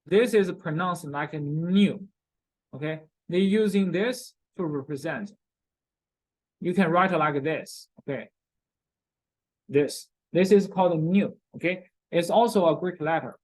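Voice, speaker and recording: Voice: mid-range voice, measured pace, rough recording. A chemistry lecturer in a recorded class, repeating key terms, checking in often with "okay?", and speaking with non-native grammar.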